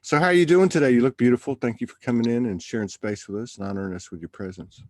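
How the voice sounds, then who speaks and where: A man's voice: medium pitch, very fast, no room sound. A man hosting a live show, chatting loosely and rambling through his thoughts. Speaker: livestream host. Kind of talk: casual spiritual chat.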